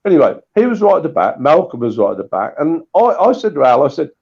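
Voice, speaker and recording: A man swapping old anecdotes in a casual chat, animated and full of restarts. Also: a little high, quick pace, gravelly, hardly any pauses, slightly rough, highs cut off. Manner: animated storytelling with repeated restarts. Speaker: guest storyteller.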